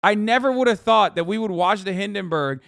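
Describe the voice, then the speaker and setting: A man streaming reaction commentary, talking in a profane, animated and mocking way. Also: high voice, fairly quick, vocal fry, dry recording, clean studio sound.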